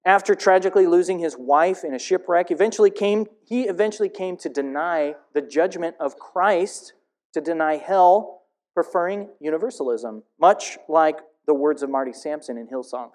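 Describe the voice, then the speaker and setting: A man's voice: a little high, moderate pace, a little mellow. Earnest male worship leader preaching. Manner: earnest, candid, confessional. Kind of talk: sermon.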